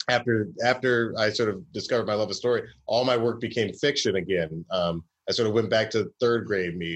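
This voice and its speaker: A man's voice: on the low side, slightly rough. A man from Georgia, a comedy writer, telling stories in a casual interview with many fillers and restarts.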